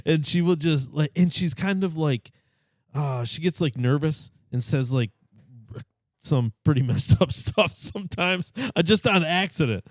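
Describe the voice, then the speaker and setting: A man's voice: a little high, expressive, measured pace, no echo, clean studio sound. A man in a casual podcast chat, teasing the others and laughing as he tells a family anecdote. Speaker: podcast co-host.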